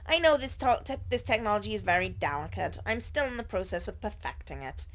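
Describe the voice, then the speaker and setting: A woman's voice: medium pitch, lively intonation, a little fast, slight background noise, natural voice. A woman voicing a prim, formal female scientist agent who speaks in a stiff, clipped, proper manner.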